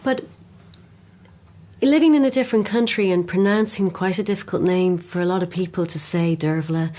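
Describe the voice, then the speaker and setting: An Irish woman, a voiceover artist, talking emotionally and quickly in a candid interview. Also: on the low side, dark tone. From Ireland.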